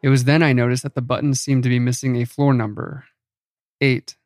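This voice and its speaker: A man giving a scripted horror story narration in an even, measured reading. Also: medium pitch, dry recording.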